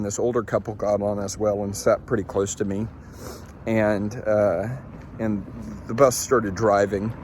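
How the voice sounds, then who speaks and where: A man's voice: fairly low pitch, a little hiss or hum. Guy in his 30s, coach type, chatty and casual, lots of ums and restarts. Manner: conversational, many fillers and restarts. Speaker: leadership coach. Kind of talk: casual storytelling talk.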